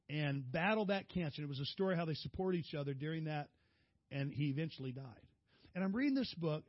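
A male preacher telling personal stories in a folksy, animated sermon. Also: on the high side, no room sound, highs cut off.

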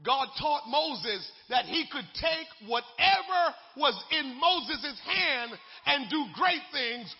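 A male pastor preaches with fervor, putting an "uh" before each phrase and swinging between shouts and near murmurs. His voice sits very high for a man and has a gravelly edge. The sound is dull and lo-fi, with a long church-hall reverb. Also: expressive, slow pace, few pauses. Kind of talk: sermon. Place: church sanctuary.

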